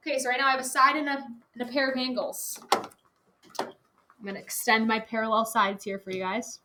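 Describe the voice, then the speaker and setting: Bright, high-voiced teacher in an echoey classroom. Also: female voice, little pitch movement, fairly quick. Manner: upbeat, laughs easily with students. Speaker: math teacher. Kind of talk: classroom geometry lesson. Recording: echoey classroom, faint noise.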